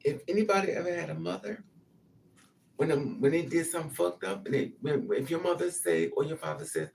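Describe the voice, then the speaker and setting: A woman tells a personal story in a casual, blunt and profane manner. Her voice is gravelly, with a laugh now and then. She sits a bit away from the mic. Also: low voice, lively intonation, fairly quick, darkish tone, distant mic. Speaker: vlogger telling a personal story.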